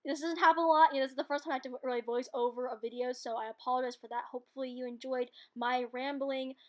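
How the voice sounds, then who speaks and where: A woman's voice: high-pitched, fairly even intonation, fast, darkish tone. A woman giving a chatty, self-deprecating, rambling voice-over for her own cooking video, laughing often, recorded at home on a computer microphone. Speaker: cooking vlogger.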